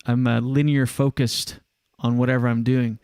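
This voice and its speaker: A man's voice: medium pitch, flat delivery, moderate pace, a little mellow, clean tone, no echo. A man hosting a live podcast from a windowless studio room, talking in a rambling, chatty way and often correcting himself. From Canada. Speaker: podcast host. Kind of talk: casual live podcast chat.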